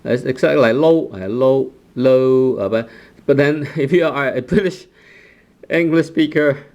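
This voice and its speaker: A man's voice: medium pitch, darkish tone. A man teaching a pronunciation lesson, saying the example sounds over and over, with lots of "uh" and "right?" tags. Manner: slow and repetitive, drawing out example sounds with frequent "uh" and "right?". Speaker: Cantonese language teacher.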